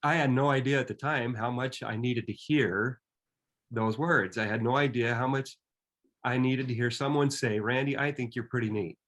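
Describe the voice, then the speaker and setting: A man in his fifties telling a personal story in an earnest, reflective way, often pausing and restarting his sentences. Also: mid-range voice, a bit bright.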